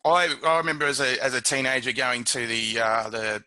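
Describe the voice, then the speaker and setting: A man's voice: mid-range voice, flat delivery, fairly quick, pushed and bright, no echo. A man hosting a podcast, asking friendly, hesitant questions with frequent ums. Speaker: podcast host. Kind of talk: casual interview. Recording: noisy podcast recording.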